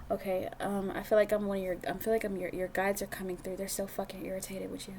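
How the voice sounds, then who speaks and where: A woman's voice: medium pitch, flat delivery, quick pace, hardly any pauses, darkish tone, slight background noise. A young adult woman doing a casual tarot reading, speaking bluntly and swearing freely as she talks to the viewer. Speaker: tarot reader.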